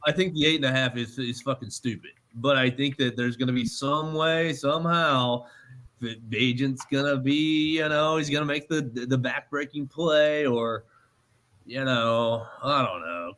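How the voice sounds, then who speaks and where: A man in a casual sports podcast talks at a middling pitch and turns excitable, his voice jumping up as he swears about the game. His talk is loose and unguarded. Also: moderate pace.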